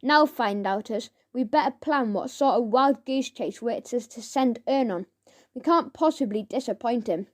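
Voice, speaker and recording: A woman's voice: a little high, normal speed, natural voice. A woman reading a children's audiobook, voicing a boastful, teasing schoolboy with an airy, self-important manner.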